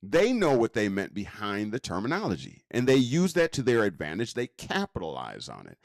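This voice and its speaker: Casting note: man, slow-paced conversational lecturer, very lively swooping pitch, dry close sound. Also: no echo. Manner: conversational, asks the listener rhetorical questions; slow, drawn-out delivery with wide pitch swings. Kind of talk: casual teaching talk.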